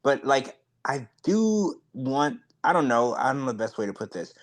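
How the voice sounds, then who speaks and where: A man's voice: medium pitch, sing-song, normal speed. Man, podcast co-host, casual chat, frank, filler-heavy delivery. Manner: chatty, heavy use of "like", frank and blunt.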